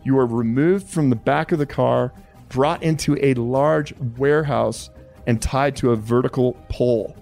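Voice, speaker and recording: Man, host, middle pitch, polite, sir-heavy, dramatic scenario telling. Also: unhurried, creaky, a little mellow, faint music behind. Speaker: podcast host. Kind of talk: interview with a survival game.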